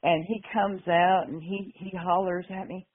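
A woman's voice: on the low side, level tone, measured pace, husky. An older woman from Arkansas calls in to share stories, laughing often and acting out the people she talks about. Her voice comes through a tinny phone line. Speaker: caller. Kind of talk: casual phone-in storytelling.

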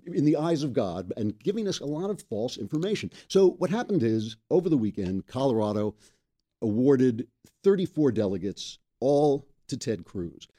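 A man's voice: medium pitch, big pitch swings, moderate pace, mellow. A man hosting a political talk show, chatting casually and wryly, often laughing at his own jokes. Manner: wry, joking, laughs often. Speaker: podcast host. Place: makeshift studio.

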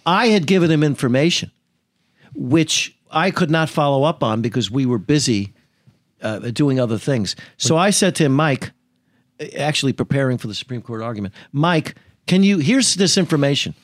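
A man's voice: medium pitch, animated, a little fast, dry recording, clean studio sound. Careful man setting the record straight. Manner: careful, clarifying recollection. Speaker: attorney, podcast guest. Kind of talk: podcast conversation.

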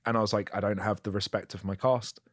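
A man's voice: fairly low pitch, fairly even intonation, fast, no room sound, studio quality. A man, an actor, candidly recounting his work in casual chat, swearing freely and mocking himself. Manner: candid, profane, self-mocking storytelling. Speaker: actor guest.

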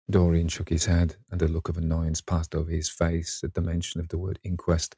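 Gravelly, husky male narrator. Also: deep voice, completely flat delivery, a little fast, few pauses, mellow, no room sound, clean studio sound. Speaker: audiobook reader. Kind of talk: audiobook narration.

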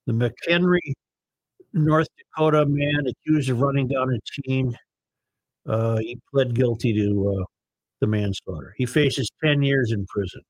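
Husky man hosting talk radio. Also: medium pitch, unhurried, no room sound, poor audio. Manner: reads news items and this-day-in-history segments conversationally. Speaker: radio host. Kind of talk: casual talk radio banter.

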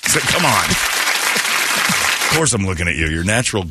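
A man's voice: on the low side, moderate pace, a loud crowd, heavy background noise. A man hosting a morning radio show, chatting casually and acting out the voices of the people in his stories. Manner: animated storyteller who acts out quoted voices.

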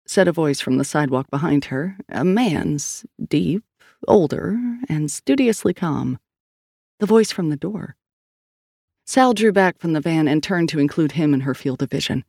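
A man narrating an audiobook in a steady, even reading. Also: fairly high pitch, moderate pace, gravelly, no room sound, studio quality.

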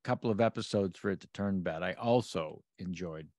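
A man with a low voice hosts a podcast, picking apart scenes slowly and carefully. His sound is close and dry, and he stops and restarts as he gathers his thoughts. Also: a little mellow, no room sound. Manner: measured and analytical, with frequent restarts. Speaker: podcast host. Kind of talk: episode discussion.

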